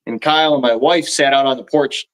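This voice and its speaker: A man's voice: medium pitch, brisk. A man chatting easygoingly on a casual podcast, recalling a trip. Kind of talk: casual chat.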